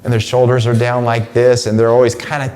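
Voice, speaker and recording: A man in his forties giving a casual spoken monologue, slangy and stumbling over repeated words, his voice climbing when he gets excited. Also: mid-range voice, fairly quick. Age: 40s. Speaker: host delivering a weekly message.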